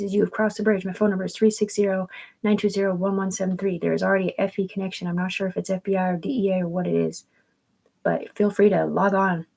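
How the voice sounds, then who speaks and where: Husky, flat-voiced woman rambling. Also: fairly low pitch, poor audio. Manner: rambling and profane, jumping between topics. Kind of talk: rambling monologue over family photos.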